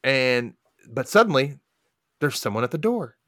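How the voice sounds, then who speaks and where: A man hosting a podcast, recapping a movie plot in casual chat as an animated storyteller with sarcastic asides. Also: mid-range voice, normal speed, no room sound, clean studio sound. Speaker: podcast host.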